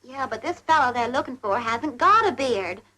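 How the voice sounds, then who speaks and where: An actress playing a brisk, wry, ranch-raised young woman in a 1960s television drama, with a dry, teasing way of speaking. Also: fairly high pitch, expressive, bright, forceful tone, rough recording.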